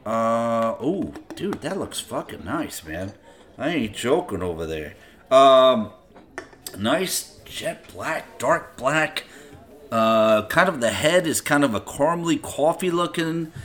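Reviewing a beer on his podcast, a man speaks slowly in a sing-song, medium-pitched voice with a fairly bright tone. The tasting chat is casual, profane and filler-heavy.

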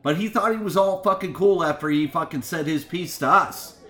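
This middle-aged man hosts a music show and spins an animated, indignant tale, laughing and cursing as he goes. His pitch runs on the high side at a moderate pace, and the space sounds echoey.

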